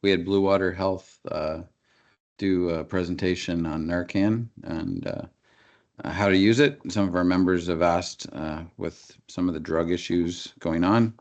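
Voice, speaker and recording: Deep-voiced man, hesitant report. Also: fairly even intonation, measured pace, darkish tone, lo-fi sound. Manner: hesitant, many ums and uhs. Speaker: deputy mayor giving committee updates. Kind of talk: council meeting report. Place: council chamber.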